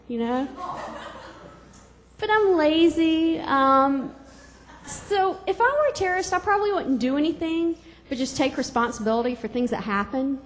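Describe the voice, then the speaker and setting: A woman's voice: sits high, very animated, normal speed, in a large hall. A woman from Georgia doing stand-up comedy on a club stage, bubbly and giggly, chatty with the crowd.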